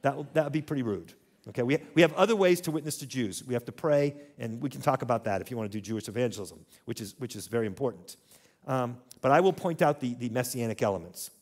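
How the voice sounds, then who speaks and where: A man's voice: mid-range voice, expressive, quick pace, a little mellow. A man teaching a church audience in a conversational way, asking them to repeat words after him. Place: church hall.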